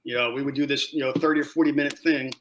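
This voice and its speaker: A man telling war stories in a casual interview, animated, acting out what people said and swearing freely. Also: medium pitch, racing, slight background noise. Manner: animated storyteller, acts out quotes loudly, swears. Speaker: guest, former Marine scout sniper.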